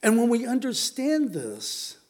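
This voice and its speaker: A man's voice: very high-pitched, wildly swooping pitch, unhurried, darkish tone. A man preaching a sermon in an earnest, emphatic, urgent way.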